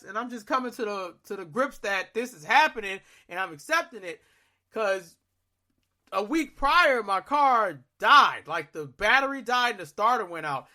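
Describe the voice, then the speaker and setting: A young man on a podcast, telling a story in casual, profane chat that swings into loud, exasperated outbursts. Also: high-pitched, expressive, moderate pace. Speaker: podcast co-host.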